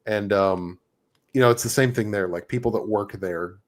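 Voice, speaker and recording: A man's voice: fairly low pitch, normal speed. A man who makes gun videos, chatting casually in a rambling, filler-heavy, self-mocking way. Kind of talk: casual chat.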